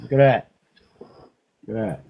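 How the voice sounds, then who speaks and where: A middle-aged man grooming a dog, talking to it in a soft, coaxing way and joking with himself as he works. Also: mid-range voice, moderate pace, vocal fry, rough recording. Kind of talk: rambling talk to a dog while grooming.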